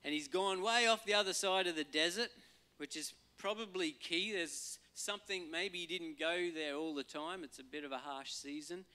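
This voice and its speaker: A man, a pastor giving a relaxed, conversational sermon and acting out voices now and then. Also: fairly high pitch, moderate pace, clean tone. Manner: conversational, acts out voices and quotes for humor.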